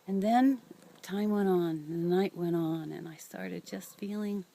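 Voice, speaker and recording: A woman's voice: on the low side, measured pace, gravelly, warm tone. An older woman running a cat rescue, telling a personal story in a reflective, hesitant way with many fillers and restarts.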